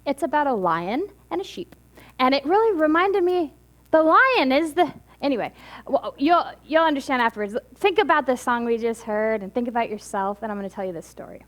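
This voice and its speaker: A woman minister gives a relaxed weekly talk, telling a parable in a loose, chatty way. She talks in a high voice, often stopping and restarting her sentences. Now and then she laughs at her own telling. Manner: chatty and halting, with many restarts, laughing at herself. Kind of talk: sermon with storytelling.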